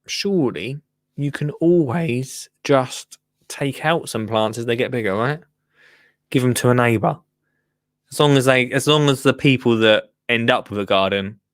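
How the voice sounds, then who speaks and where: A man hosting a casual livestream, chatting and joking as he reacts to a gardening show. He often restarts his sentences and coos at his plants in a high, sing-song voice. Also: a bit bright, dry recording, studio quality. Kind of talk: casual chat.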